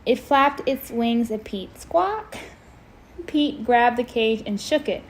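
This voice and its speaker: A woman reading a scary story aloud in a casual, expressive way, breaking off to chat. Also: a little high, measured pace, low-quality recording. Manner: chatty, expressive, breaks off to comment. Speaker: amateur audiobook reader. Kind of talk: casual read-aloud with commentary.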